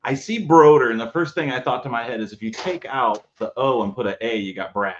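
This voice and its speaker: A man's voice: medium pitch, fast, lo-fi sound, a little hiss or hum. A man chatting as a podcast guest, telling a story with a lot of restarts. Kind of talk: casual chat.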